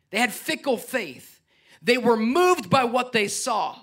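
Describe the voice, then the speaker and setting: This middle-aged pastor has a very high voice and preaches a little slowly. His animated sermon rises to near-shouts and then sinks into quiet, soft asides.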